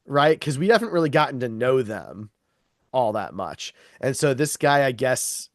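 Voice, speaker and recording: A man's voice: mid-range voice, big pitch swings, moderate pace, no echo, clean studio sound. A man co-hosting a casual film podcast, explaining scenes hesitantly and searching for words. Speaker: podcast co-host. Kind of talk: casual film review chat.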